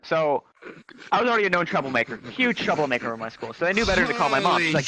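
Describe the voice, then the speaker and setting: Lively, crude male storyteller. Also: on the high side, very fast, over a noisy crowd. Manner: crude, animated, shrieks quoted lines. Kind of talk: comic anecdote told to a crowd. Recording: dry, dull lo-fi mic.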